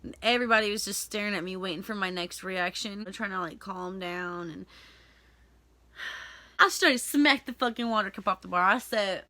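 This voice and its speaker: A woman's voice: mid-range voice, normal speed, sharp tone, no room sound. A young woman telling a story-time vlog, heated and ranting with lots of swearing. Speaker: vlogger.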